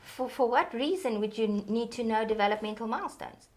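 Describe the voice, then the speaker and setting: Woman, fairly high voice, animated, teacherly, interview guest. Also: a little fast. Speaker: early childhood development expert. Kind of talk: explanatory interview talk.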